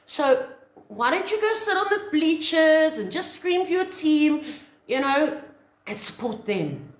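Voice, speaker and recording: A woman's voice: sits high, sing-song, a little slow, echoey room, voice pushed up. A woman voicing a patronizing female school teacher who talks in a sweet, condescending way.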